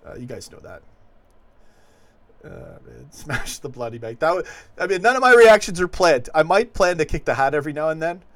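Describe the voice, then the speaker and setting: A man hosting a late-night fan livestream, rambling and animated as he reads viewer comments. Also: fairly high pitch, normal speed. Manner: rambling, animated, chuckling asides. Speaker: host of a fan call-in show.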